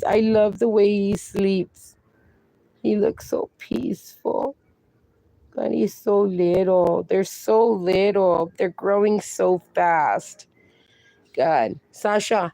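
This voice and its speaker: Slow-talking woman chatting on a livestream. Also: medium pitch, a little mellow, dry recording. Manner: chatty, reads viewer comments aloud, baby-talks to her dogs. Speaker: livestream host. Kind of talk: casual livestream chat.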